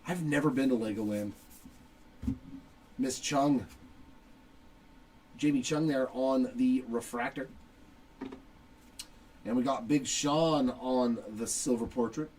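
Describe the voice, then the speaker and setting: A man's voice: medium pitch, takes it slowly, long pauses, darkish tone, recorded from a distance, poor audio. Middle-aged guy chatting thru a card break, sits back from the mic, bit of faint hiss. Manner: joking, chatty, reads out cards as he pulls them. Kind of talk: casual live card-break commentary. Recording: voice somewhat off-mic with faint background noise.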